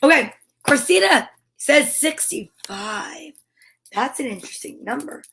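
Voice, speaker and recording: Woman, high voice, kid-show host, bubbly and over-the-top. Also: expressive, measured pace, creaky, fairly bright tone, slight background noise. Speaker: livestream host. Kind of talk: playful mock children's show hosting.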